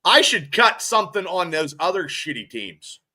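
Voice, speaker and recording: Bright-voiced joking man co-hosting. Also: high voice, big pitch swings, normal speed. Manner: joking, storytelling. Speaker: podcast co-host. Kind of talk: casual sports chat.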